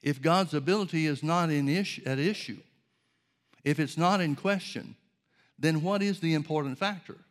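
An earnest male preacher delivering a sermon with a slightly high voice. He teaches in a measured way and often pauses to pose rhetorical questions.

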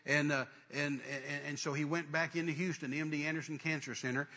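A middle-aged man preaching with fervent conviction, his fairly high voice bright and forceful. He tells a long story, stumbling into restarts and stringing clauses together with "and, uh.". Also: fairly even intonation, fairly quick. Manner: fervent, repetitive restarts and trailing "and, uh". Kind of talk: sermon storytelling.

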